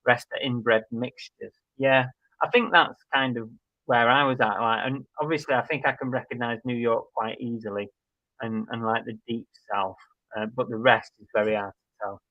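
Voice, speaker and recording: A man co-hosts a live reselling chat, talking things through in an easygoing, rambling way. His voice sits at an ordinary middle pitch. The sound is dry and close, with a slightly dull, muffled quality. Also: steady tone, moderate pace, no room sound. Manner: chatty, laid-back, thinking aloud with fillers. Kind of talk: casual live-stream chat, reading viewer comments.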